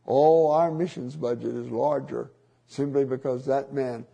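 Gravelly older man preaching a sermon. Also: mid-range voice, steady tone, unhurried, dark tone. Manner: folksy storytelling with many fillers. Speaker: pastor.

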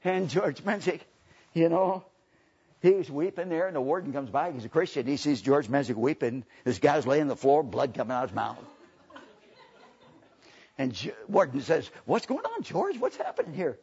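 A man preaching a storytelling sermon in a church, swinging from hushed, low confiding to shouting. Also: moderate pace, long pauses, breathy edge, muffled recording. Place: church building.

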